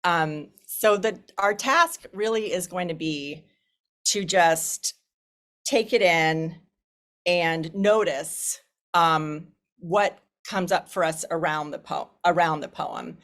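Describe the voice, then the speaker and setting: A woman with a fairly low voice opens an online discussion group. She talks in a loose, relaxed way, with plenty of hesitations and restarts, and she is heard over a video call. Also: slow. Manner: relaxed, many fillers and restarts. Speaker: group facilitator. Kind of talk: welcoming group introduction.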